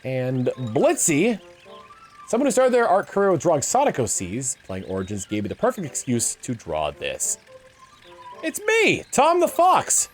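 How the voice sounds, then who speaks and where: A man's voice: mid-range voice, huge pitch swings, normal speed, darkish tone, faint music behind. A young man talking casually on a game livestream, rambling with lots of fillers and restarts. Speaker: game streamer.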